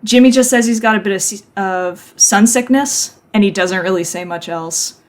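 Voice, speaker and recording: A woman narrating a tabletop game as game master, relaxed and chatty with frequent "like". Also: medium pitch, normal speed.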